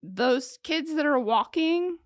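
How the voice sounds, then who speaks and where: A woman's voice: high voice, expressive, takes it slowly, no echo. Chatty woman, dry close sound. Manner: joking, chatty, lots of "like" fillers. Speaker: podcast co-host telling the case. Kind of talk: casual true-crime chat.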